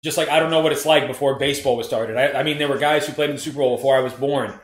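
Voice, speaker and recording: A man's voice: medium pitch, steady tone, rapid-fire. A man co-hosting a casual live fight stream from a living room, joking and rambling with some swearing. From Florida. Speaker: co-host. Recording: echoey room.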